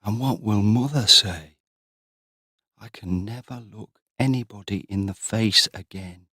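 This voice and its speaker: A sullen, heavy-voiced young farmhand from a storybook, slow and low in tone, as a male narrator reads him. He broods and speaks with weight. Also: sharp tone, breathy edge, dry recording, studio quality, exaggerated voice. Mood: anxious. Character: frightened heavy young farm man.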